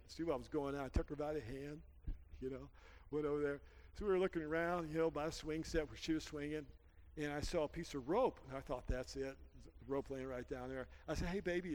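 Male pastor, animated sermon, shouts at the peaks, higher voice, long hall reverb.

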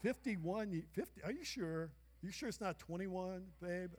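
A man in his sixties preaching a sermon as pastor, calling out to the congregation for responses and breaking into shouts. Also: high voice, expressive, moderate pace. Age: 60s. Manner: call-and-response, bursts of shouting. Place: church sanctuary. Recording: long reverb of a church hall.

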